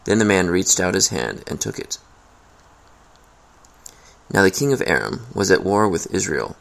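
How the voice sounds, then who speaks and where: A man with a very low voice reads scripture aloud. His delivery is steady and measured, and his voice has a gravelly edge. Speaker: scripture reader. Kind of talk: scripted Bible reading.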